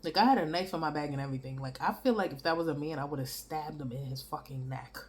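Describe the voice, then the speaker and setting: A woman's voice: deep voice, fast talker. Blunt, profane woman telling a story. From New York City. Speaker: vlogger. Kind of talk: casual storytelling to camera.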